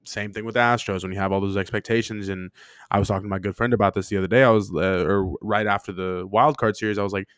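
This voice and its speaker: A man co-hosting a sports podcast in loose, casual chat. He rambles and gets excitable, swearing freely as he riles himself up. His voice sits fairly low and sounds dry and close to the mic. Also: fast talker, clean tone, no echo. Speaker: podcast co-host. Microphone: remote podcast mic.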